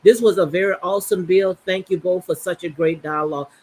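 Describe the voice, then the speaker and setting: A woman's voice: fairly low pitch, steady tone, fairly quick, a little mellow, husky. A woman from the New Orleans area with a Southern Louisiana accent, hosting a casual livestream chat and calling her guest "girl" a lot. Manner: chatty, many "girl" and "you know" fillers. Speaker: livestream host.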